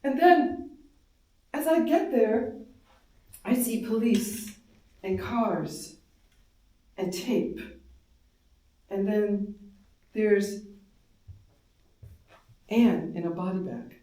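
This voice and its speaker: A woman giving an intense, emotional live reading of first-person dream monologues, moving between hushed and loud. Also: mid-range voice, drawn-out words, pauses often. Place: darkened live performance space. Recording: very echoey hall, voice from far off.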